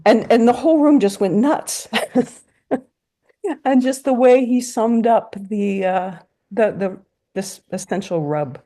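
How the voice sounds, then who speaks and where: A woman telling halting stories at a memorial over a video call, with restarts and laughter. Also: fairly high pitch. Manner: halting, warm storytelling with restarts. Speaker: friend giving a tribute. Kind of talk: memorial remembrance.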